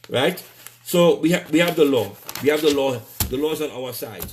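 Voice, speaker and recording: A man's voice: fairly high pitch, a little fast, darkish tone, a little hiss or hum. A man with a Trinidadian accent ranting on a live stream, heated and repetitive, stumbling over restarts and cursing. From Trinidad and Tobago. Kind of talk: angry live-stream rant.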